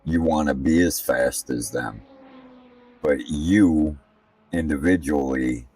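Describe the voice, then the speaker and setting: A man with a very deep, gravelly voice talks slowly and bluntly, swearing freely as he gives casual commentary between practice laps. His voice sits a bit back from the mic, with a dry room around it. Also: a little mellow, no room sound, distant mic. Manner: profane, ranting, blunt. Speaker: sim racing streamer.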